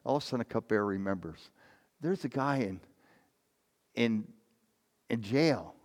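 A man's voice: medium pitch, animated, normal speed. Man preaching in a reverberant hall. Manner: informal, self-correcting storytelling with scripture readings. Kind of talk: sermon retelling a Bible story.

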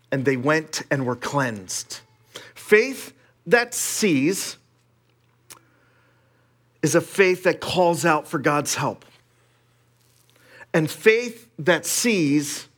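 A man with a fairly high voice delivers a sermon. His delivery is animated and conversational, full of casual asides. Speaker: pastor.

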